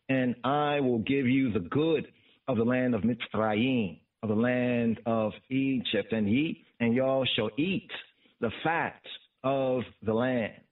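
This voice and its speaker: Guy reading scripture slow on a call-in phone line, mic kinda far off, says I for me and you. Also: medium pitch. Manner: reads each phrase in Hebrew then English, repeating words; uses Rastafari "I" speech in place of "me" and "you". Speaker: scripture reader and podcast host.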